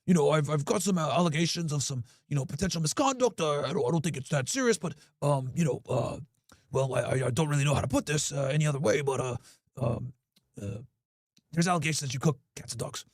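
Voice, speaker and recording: A man puts on a low, quiet, stiff official on the phone, stalling with endless ums and fake seriousness. The voice drops well below his own. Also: no room sound, studio quality. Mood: mock serious. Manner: halting, full of ums, faking seriousness. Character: stiff, hesitant male government caller.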